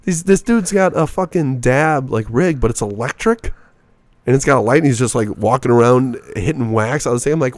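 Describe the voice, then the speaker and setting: A young man in his twenties swears his way through a rambling story, his voice sitting in an ordinary middle pitch. He talks as a comedian guest on a casual podcast. The sound is dry and close, with no room around him. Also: brisk, no echo. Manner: profane, rambling, animated storytelling.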